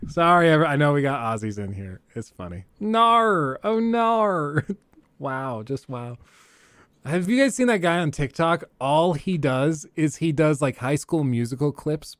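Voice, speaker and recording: A man's voice: medium pitch, animated, normal speed, dry recording. A young man hosting a live stream, chatting casually with viewers in a rambling, joking way and laughing often.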